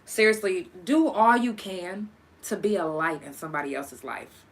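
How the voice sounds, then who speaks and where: A young woman hosts a casual solo podcast, speaking at normal speed in a voice on the low side. She's animated, curses freely, and talks straight to her listeners.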